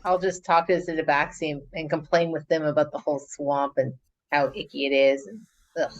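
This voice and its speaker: A woman's voice: low voice, fairly even intonation, a little fast, dull audio, a little hiss or hum. A woman playing a tabletop game, griping in character in a casual, disgusted way. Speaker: player.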